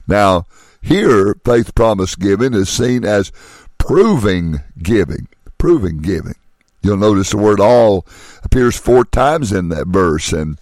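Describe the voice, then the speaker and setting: Low-voiced preacher, dry and close. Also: male voice, darkish tone, no room sound. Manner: emphatic preaching with repeated phrases and rhetorical questions. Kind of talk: sermon.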